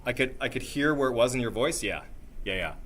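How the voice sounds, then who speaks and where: A workshop presenter with a singing background coaches a live room like a voice teacher, energetic and coaxing, repeatedly checking in with "right?" and "okay?". His voice is medium in pitch and fairly quick.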